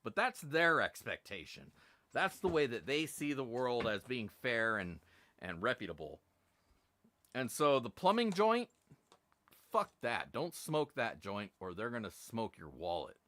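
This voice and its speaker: A man's voice: mid-range voice, huge pitch swings, unhurried, a bit bright, no echo. A middle-aged man hosting a live stream, telling a long, profane, exasperated story about being overcharged. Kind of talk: casual ranting live stream.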